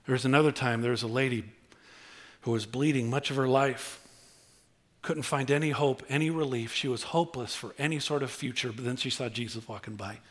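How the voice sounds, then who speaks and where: A man preaching a sermon, swinging from low, intimate tones to high, excited outbursts. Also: a little fast. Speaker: pastor.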